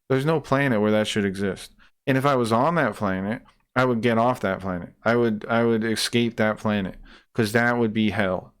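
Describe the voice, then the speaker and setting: A man's voice: medium pitch, clear, resonant tone. A man ranting in a heated, profane reaction commentary, repeating himself and restarting sentences as he gets worked up. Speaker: streamer reacting to a debate clip.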